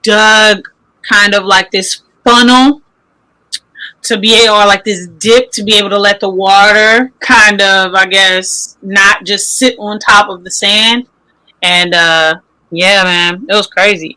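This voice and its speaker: Bright-voiced woman chatting loosely. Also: mid-range voice, a little slow, dry recording, low-quality recording. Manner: rambling, many filler likes. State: drowsy, just woken up. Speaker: podcast co-host. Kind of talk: casual chat.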